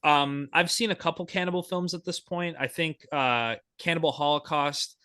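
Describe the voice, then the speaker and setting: A man's voice: fairly high pitch, moderate pace, bright, forceful tone, clean tone, dry recording, clean studio sound. A young man co-hosting a podcast, chatting casually and enthusiastically, rambling with lots of fillers and restarts. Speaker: podcast co-host.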